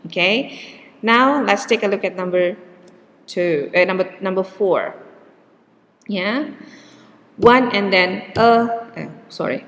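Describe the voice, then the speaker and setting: A woman lecturing on pronunciation at a slow, deliberate pace, stretching out example words to show where the stress falls. Her voice carries a long reverb, as if recorded in a large hall. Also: mid-range voice, a bit bright. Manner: slow and patient, repeats words with exaggerated stress. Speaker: English teacher.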